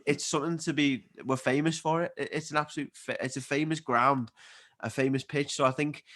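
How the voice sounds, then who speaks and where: A man in his twenties with a Scouse accent, chatting casually as a podcast guest and telling animated stories. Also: a little high. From Liverpool, England. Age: 20s. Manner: animated storyteller, quick and chatty. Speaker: guest athlete. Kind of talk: casual chat.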